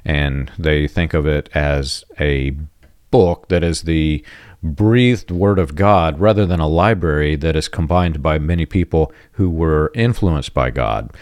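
A man with a very low, deep voice speaks in an earnest, emphatic way, circling back to repeat his key points. The sound is close and dry, with no room around it. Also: a little mellow, dry recording. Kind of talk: conversational commentary on religion.

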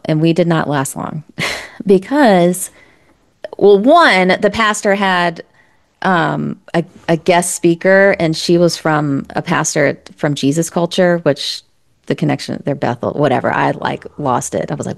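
A woman's voice: medium pitch, normal speed, creaky. A woman speaking as an interview guest, telling her story in a candid, earnest and reflective way, often restarting her sentences.

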